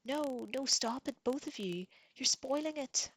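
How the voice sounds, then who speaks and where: Seorang perempuan menyuarakan gadis bangsawan muda yang cengeng dan mudah panik, berbicara melengking. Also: female voice, moderate pace, slightly rough, no room sound. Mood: shrieking. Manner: shrill, distressed. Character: young noble girl, prim and tearful.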